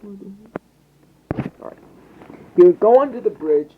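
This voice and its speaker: A man's voice: sits high, animated, slow, a little hiss or hum. Rambling young man telling a fan story. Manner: rambling, hesitant, with restarts. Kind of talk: improvised fan-fiction narration. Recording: tinny phone mic.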